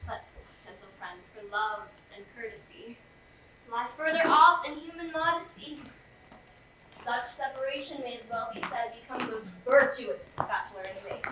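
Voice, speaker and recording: An actress playing a gentle, modest young woman in love, speaking soft, measured verse on a live stage. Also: a little high, expressive, a little hiss or hum. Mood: tender. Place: theater stage. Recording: echoey stage, recorded from far off.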